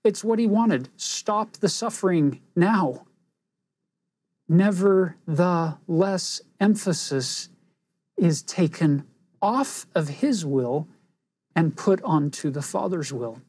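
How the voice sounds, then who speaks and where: An earnest woman teaching a scripture lesson, reflective and deliberate. She talks slowly, with a mellow, husky, breathy voice, and her pitch sits a little low. The sound is dry and close. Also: expressive, dry recording. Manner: earnest, reflective, pauses for emphasis.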